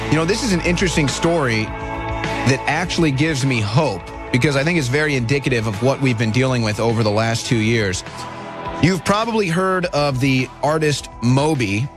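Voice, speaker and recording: A man hosting a talk radio show, delivering a fired-up political monologue that rises to shouts. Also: medium pitch.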